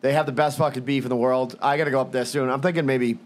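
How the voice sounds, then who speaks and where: A man with a middle-pitched voice reads sponsor plugs on a podcast. He is blunt and laid-back, dropping curses between addresses and menu items. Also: steady tone, fast. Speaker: podcast co-host. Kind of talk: casual chat, reading sponsor plugs.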